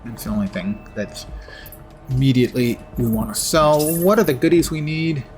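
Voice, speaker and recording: A man's voice: mid-range voice, steady tone, moderate pace, darkish tone, soft background music. A man giving casual, wry commentary while streaming a video game, with self-mocking asides.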